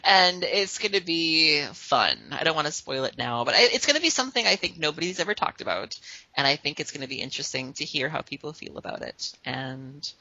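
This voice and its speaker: Low, lively woman chatting by phone. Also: brisk, no echo. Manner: chatty, animated, laughs often. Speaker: podcast co-host. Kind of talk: casual chat. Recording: dull lo-fi phone-call audio.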